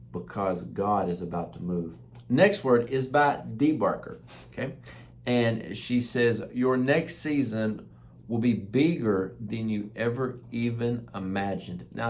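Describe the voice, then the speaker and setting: A man hosting a weekly broadcast of prophetic words, preaching in an exuberant, emphatic way and repeating phrases for emphasis. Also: fairly low pitch. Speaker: host sharing prophetic words.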